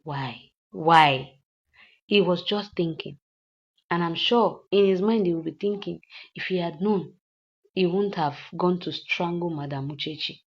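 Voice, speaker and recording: A woman's voice: lowish voice, darkish tone, breathy edge, dull audio. A woman, chatting through a film recap and adding moral asides. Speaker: movie reviewer. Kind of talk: casual film recap and commentary.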